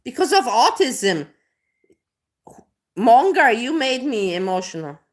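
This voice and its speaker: A woman's voice: on the high side, very animated, slow. A young adult woman live streamer chatting casually, who swears often and gets worked up and emotional. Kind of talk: casual reaction chat.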